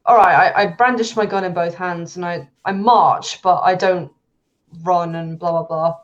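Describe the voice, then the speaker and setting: Low-voiced woman on a dull lo-fi mic. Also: fairly even intonation, moderate pace. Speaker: player. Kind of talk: tabletop game play. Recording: dull lo-fi sound.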